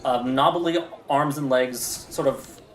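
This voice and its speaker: A man narrating as game master of a tabletop game, chatty and lively with quick asides. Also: medium pitch, slight background noise. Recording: roomy echo.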